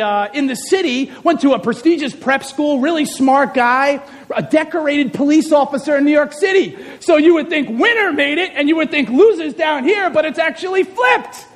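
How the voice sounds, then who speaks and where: A man giving an animated, joking sermon, acting out scenes as he tells stories, in a reverberant hall. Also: very high-pitched. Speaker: speaker, high school teacher. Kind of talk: sermon with comic storytelling.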